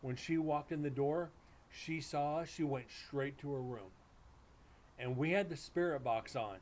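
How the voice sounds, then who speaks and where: A man's voice: on the high side, a little slow, a little mellow. A middle-aged man, a paranormal investigator, telling a story in a casual, rambling way on a live stream, full of restarts and acted-out dialogue.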